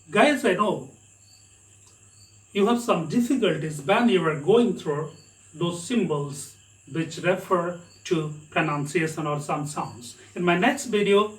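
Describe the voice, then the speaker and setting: High-voiced Indian English teacher, slow and roomy. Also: male voice, lively intonation, recorded from a distance. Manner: explanatory, repeats example words, quizzes the listener. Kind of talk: pronunciation lesson. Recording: roomy echo, away from the mic.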